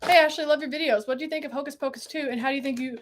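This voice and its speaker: A young woman chatting excitedly while hosting a live stream. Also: high voice, racing, slight background noise. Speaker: livestream host. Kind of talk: casual livestream chat.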